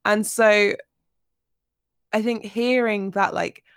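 A woman's voice: mid-range voice, slow pace, creaky, clear, resonant tone, no echo, studio quality. A woman in her twenties co-hosting a podcast, chatting casually about books with frequent fillers and restarts. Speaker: podcast co-host. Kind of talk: casual book-club chat.

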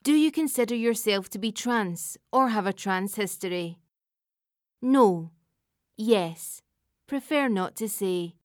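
A woman reading a government survey aloud in a measured, even way. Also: medium pitch, no room sound, clean studio sound. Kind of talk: scripted narration.

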